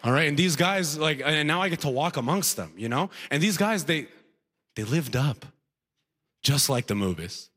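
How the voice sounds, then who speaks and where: Brief: male stand-up comic, lively swooping delivery, slightly high voice. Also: normal speed, husky. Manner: animated, self-mocking storytelling. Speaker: stand-up comedian. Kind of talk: stand-up comedy.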